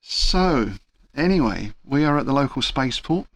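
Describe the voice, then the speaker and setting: A man's voice: mid-range voice, normal speed, dry recording. A man narrating and describing scenes as game master in a tabletop role-playing session. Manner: relaxed, storytelling with asides.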